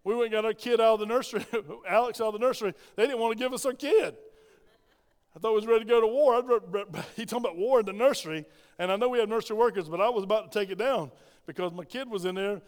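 A middle-aged man preaching a sermon in a church, lively and conversational, swinging from soft asides to loud emphatic bursts. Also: high-pitched, fast talker. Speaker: pastor. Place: church sanctuary. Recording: long hall reverb.

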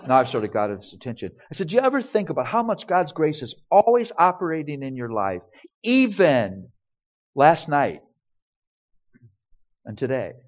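A man's voice: fairly high pitch, very animated, moderate pace, pauses often. A man speaking as a pastor, telling a family story in earnest sermon style and acting out the quoted dialogue. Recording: dull lo-fi recording.

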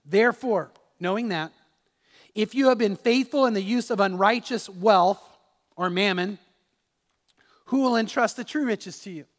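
A man's voice: sits high, unhurried, pauses often, big-room sound. A man preaching a sermon as pastor, telling a personal story with restarts and repeated words.

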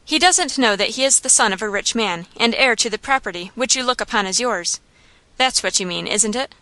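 A woman voicing a rough, insolent male saloon keeper who talks in a coarse, sly, slangy way. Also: on the high side, lively intonation, a little fast, sharp tone, dry recording.

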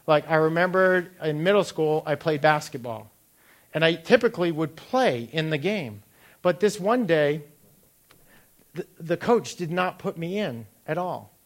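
A man's voice: fairly high pitch, expressive, measured pace. A middle-aged man giving a sermon, asking the listeners direct questions and telling personal stories. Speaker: pastor.

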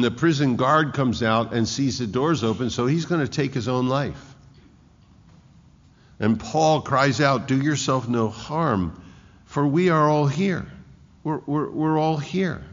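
A man preaching a sermon, reading scripture aloud and explaining it with slow emphasis and frequent restarts. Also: mid-range voice, creaky. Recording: echoey hall, dull lo-fi sound.

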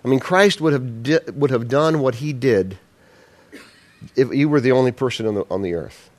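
A man's voice: mid-range voice, moderate pace. Guy preaching a sermon, voice jumps all over, chatty, keeps asking the crowd questions. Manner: animated, conversational preaching with rhetorical questions. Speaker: pastor.

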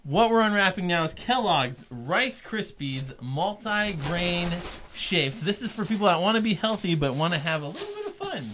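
Rambling, opinionated man, slightly high voice. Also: big pitch swings, normal speed, fairly bright tone, a little hiss or hum. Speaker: podcast co-host. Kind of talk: casual chat. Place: recording studio.

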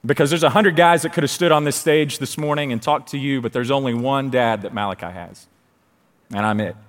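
A man in his thirties, a children's ministry leader, telling a personal story in a sermon, excited and lively. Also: medium pitch. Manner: excited, storytelling, quick asides. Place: large church stage. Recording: long hall reverb.

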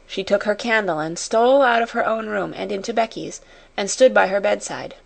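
A woman narrating an audiobook chapter in a measured, unhurried reading. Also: mid-range voice, creaky. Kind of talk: scripted storybook narration.

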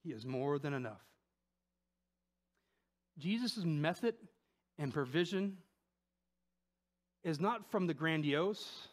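A man preaching a sermon in a conversational way, often asking "right?", swinging between loud emphatic peaks and soft low asides. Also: expressive, slow pace, long pauses. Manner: conversational, with frequent rhetorical "right?".

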